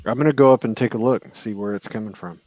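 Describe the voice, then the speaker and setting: A man's voice: mid-range voice, quick pace, darkish tone, no echo. A man playing in a tabletop game, casual and decisive in his moves. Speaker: player.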